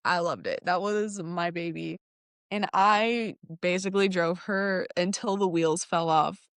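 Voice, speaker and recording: A woman's voice: lowish voice, a little slow, smooth, dry recording, clean studio sound. A young adult woman telling a story in casual chat, laughing often and acting out what people said. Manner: animated, laughs often, acts out quotes. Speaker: podcast guest.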